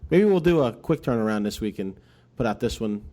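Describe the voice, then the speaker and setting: A man's voice: on the low side, expressive, brisk, warm tone. Jokey, foul-mouthed male podcast co-host. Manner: loose, jokey, swears freely. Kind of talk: casual chat.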